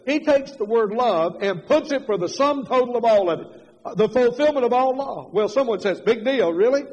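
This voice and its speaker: An older man preaching a sermon, moving from loud emphatic passages to quiet confessional storytelling. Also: very high-pitched, animated, moderate pace. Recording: dull reverberant hall.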